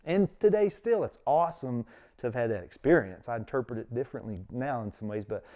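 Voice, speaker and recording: A man's voice: mid-range voice, expressive, brisk, mellow. A middle-aged man, telling his story in casual conversation as an interview guest and acting out quotes with big jumps in his voice.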